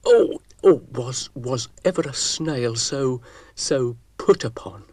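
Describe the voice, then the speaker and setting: A man's voice: fairly high pitch, expressive, moderate pace, dry recording, pitched above the performer's own voice, close to an everyday voice. Man doing a whiny self-pitying snail. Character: whiny put-upon male garden snail.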